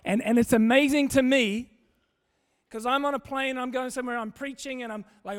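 A man preaching a sermon, telling a funny story in a relaxed, conversational way. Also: extremely high pitch, moderate pace, smooth. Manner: conversational, humorous, animated storytelling. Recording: long hall reverb.

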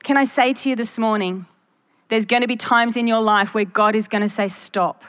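A woman's voice: fairly high pitch, fairly even intonation, normal speed, a bit bright. A woman pastor preaching a sermon to her church, earnest and full of rhetorical questions to the congregation.

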